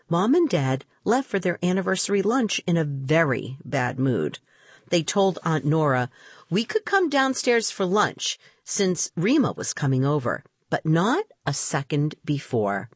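A woman reads a children's story aloud in the first person with a husky, lowish voice. Her pitch swings widely as she brings the scenes to life. The recording is dry and close. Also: dry recording. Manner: animated, expressive reading. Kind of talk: storybook narration.

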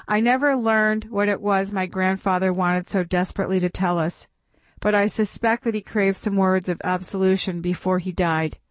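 A woman narrating a memoir audiobook in a measured, steady reading voice, close to the mic. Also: mid-range voice, no room sound.

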